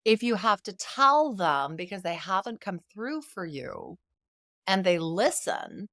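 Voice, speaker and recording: A woman's voice: mid-range voice, measured pace, no room sound, studio quality. A middle-aged woman, a guest in an interview, telling stories with emphasis and acting out the quoted dialogue. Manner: animated, emphatic storyteller who acts out quoted dialogue. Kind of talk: conversational interview.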